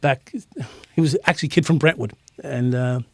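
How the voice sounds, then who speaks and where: Gravelly New man telling stories. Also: mid-range voice, steady tone, brisk, dry recording. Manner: profane, laughing anecdotal storytelling. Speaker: interview guest, former police officer. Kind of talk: casual storytelling interview.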